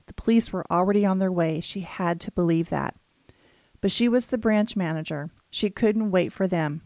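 A woman with a lowish voice reads an audiobook in a steady, measured way. The recording is very dry and close, with no room sound at all. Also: no echo. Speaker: narrator. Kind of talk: audiobook narration.

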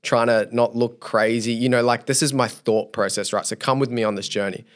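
A man's voice: medium pitch, a little fast. A young man, a youth leader telling a story as a podcast guest, acting out his own thoughts as he goes. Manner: animated storyteller who acts out his own inner thoughts.

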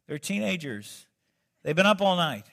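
A male pastor giving a sermon, talking to the congregation in a relaxed, conversational way. He breaks in with joking asides. His voice sits slightly high for a man. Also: normal speed, gravelly.

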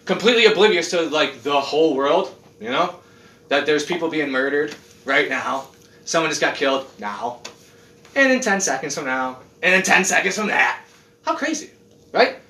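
A man's voice: on the high side, moderate pace. A man ranting casually and sarcastically with lots of swearing, in a living room. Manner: profane, sarcastic, animated ranting. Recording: roomy room, mic at a distance.

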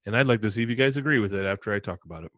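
A man co-hosting a podcast who rants with animated exasperation. His voice is bright and forceful. The recording is dry and close. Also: lowish voice, very fast, no room sound, dull audio. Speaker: podcast co-host. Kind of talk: casual chat.

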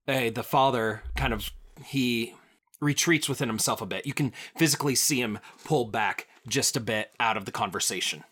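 A man's voice: mid-range voice, moderate pace, fairly bright tone, husky. A man acting as game master, narrating a tabletop role-play with many fillers and frequent laughs.

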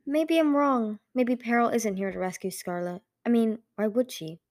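A woman's voice: on the high side, normal speed, a little mellow, no room sound, clean studio sound, lightly acted. A woman reading as an anxious young female dragon. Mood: earnest. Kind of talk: audiobook reading.

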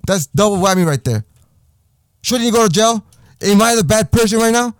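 A man's voice: high-pitched, lively intonation, moderate pace, dry recording, studio quality. A young man hosting a podcast, delivering a heated, profanity-laden personal rant with lots of repetition. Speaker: podcast host.

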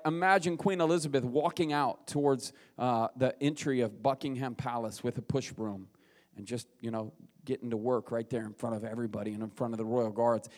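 A young male pastor delivers a conversational sermon, leaning on rhetorical questions. His voice sits a little high and climbs when he drives a point home.

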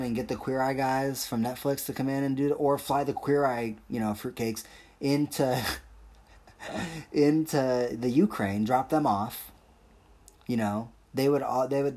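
A man's voice: mid-range voice, darkish tone. A young man hosting a solo podcast, rambling and joking in a crude, casual way. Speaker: podcast host.

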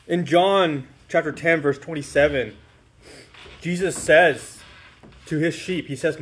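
Conversational pastor, fairly high voice. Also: male voice, slow, a bit bright. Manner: conversational, frequent "right?" checks; informal, with fillers and restarts. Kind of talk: sermon.

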